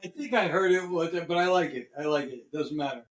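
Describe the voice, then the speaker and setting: A man's voice: fairly high pitch, brisk. A man hosting a casual podcast chat, trading jokes in a laid-back way and wrapping up the show. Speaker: podcast host. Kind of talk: casual chat, joke-telling.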